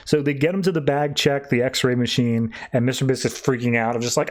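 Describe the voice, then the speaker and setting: A man hosting a podcast, giving a casual comic book review with an animated recap. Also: medium pitch, fairly quick, hardly any pauses. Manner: animated recap, acting out character lines. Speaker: podcast host.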